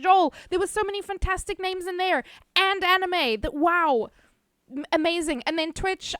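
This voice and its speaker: A woman's voice: very high voice, a bit bright, no room sound, studio quality. A woman streamer chatting casually with her live chat, laughing often, swearing casually, and reading viewer names aloud.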